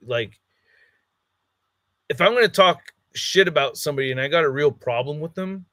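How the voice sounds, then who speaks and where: A man's voice: mid-range voice, fairly bright tone, no room sound. Man, podcast co-host, casual heated storytelling, swears a lot, dry close mic. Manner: heated storytelling, heavy swearing, acts out quotes. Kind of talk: casual chat.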